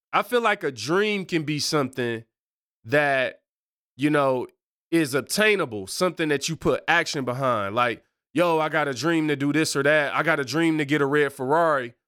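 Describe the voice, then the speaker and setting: A man's voice: a little high, fairly bright tone, no echo, clean studio sound. A married man hosting a casual faith podcast, talking in a loose, slangy way and wandering off on tangents. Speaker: podcast host.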